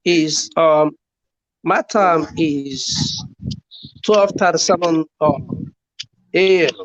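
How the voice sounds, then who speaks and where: A man's voice: fairly high pitch, drawn-out words, dry recording, low-quality recording. A man with a Nigerian English accent, calling in to a chat stream, giving hesitant, brief answers with fillers. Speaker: caller. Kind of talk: casual call-in chat. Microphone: online call.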